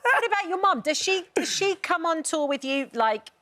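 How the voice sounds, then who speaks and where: A woman's voice: extremely high pitch, lively intonation, moderate pace, very noisy. A woman co-hosting a casual interview, upbeat and chatty with the guest. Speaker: co-host.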